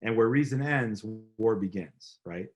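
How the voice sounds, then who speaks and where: A man's voice: fairly low pitch, expressive, measured pace. A man, an author speaking earnestly over a video call, often adding "right?" and restarting his sentences. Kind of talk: lecture then conversation on video call.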